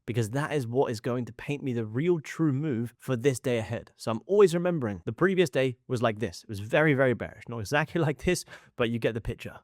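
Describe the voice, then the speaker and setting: A man's voice: mid-range voice, lively intonation, quick pace, dry recording, studio quality. A young man coaching as he walks through charts. He asks himself rhetorical questions, answers in short punchy repeats, and doubles up words for emphasis. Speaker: trading educator. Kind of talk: chart walkthrough lesson.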